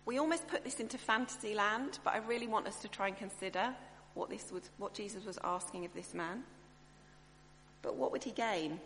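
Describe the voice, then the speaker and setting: A woman preaching a sermon in a chatty, expressive way, often breaking off and restarting her thoughts. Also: medium pitch, brisk. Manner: chatty, expressive, self-interrupting. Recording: echoey hall, faint hum.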